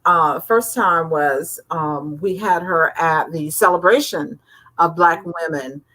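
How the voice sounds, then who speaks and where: A woman co-hosting a radio talk show, measured and hesitant, with frequent fillers. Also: deep voice, pushed and bright. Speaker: co-host. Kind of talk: casual chat.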